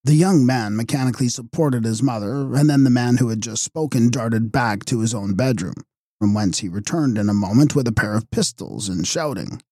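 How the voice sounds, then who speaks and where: Male narrator, measured reading, mellow tone, dry close recording. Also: medium pitch, no room sound. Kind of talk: audiobook narration of a gothic novel.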